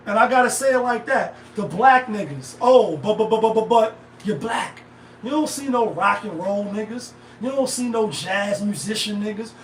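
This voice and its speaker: A man's voice: very high-pitched, distant mic, a little hiss or hum. A middle-aged man hosting a live stream, talking casually in a rambling, slang-heavy way. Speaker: livestream host. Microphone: phone set back from the speaker. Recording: echoey room, voice off-mic.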